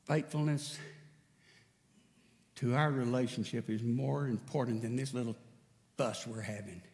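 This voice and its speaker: Storytelling pastor in a reverberant church. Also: male voice, medium pitch, unhurried, a little mellow. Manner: storytelling preacher, acts out dialogue with raised voice. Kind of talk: sermon. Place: church sanctuary.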